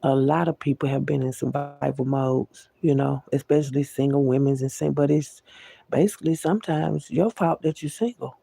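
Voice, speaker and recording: A woman's voice: rumbling low, steady tone, moderate pace, gravelly, mellow, slightly rough, dry recording. A woman delivering an unscripted monologue rant to the camera, profane and preachy, with repeated words for emphasis, often calling listeners "baby.". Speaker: vlogger.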